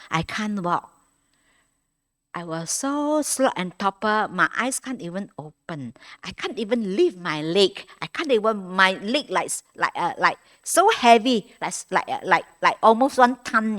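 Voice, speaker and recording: A woman with a medium-pitched voice gives a conversational Dharma talk at a meditation retreat. Her English shows non-native grammar, and she often restarts sentences and repeats words.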